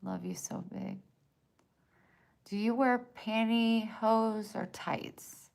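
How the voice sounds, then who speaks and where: A woman with an American country twang chats casually on a live stream, reading chat comments aloud. She is soft-spoken, short of breath, and drifts into near-whispers. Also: on the high side, fairly even intonation, slow pace, gravelly.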